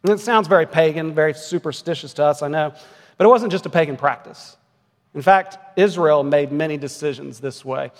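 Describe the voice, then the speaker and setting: A man's voice: on the high side, fairly quick. A man in his forties preaching a sermon as pastor, earnest and building to emphatic peaks. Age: 40s. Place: church sanctuary. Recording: long reverb of a church hall.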